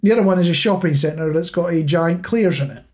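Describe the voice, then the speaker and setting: A man's voice: on the high side, a little fast, darkish tone. A man co-hosting a podcast in casual chat, rambling and self-mocking as he tells stories. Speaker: podcast co-host.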